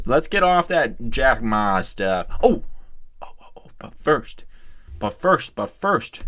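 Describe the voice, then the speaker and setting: A man's voice: fairly low pitch, fairly bright tone. A young man from the United States giving casual crypto news commentary to his viewers, rambling and chatty. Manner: rambling and chatty, often addresses viewers as guys.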